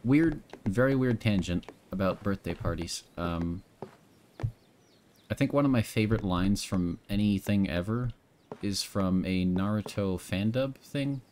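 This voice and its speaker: A young man with a lowish voice streams a game from home and talks to his chat in a loose, rambling way. He hops between stray thoughts while he plays. A faint hiss sits under the recording. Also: expressive, measured pace, a little mellow. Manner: rambling, offhand, drifts between tangents.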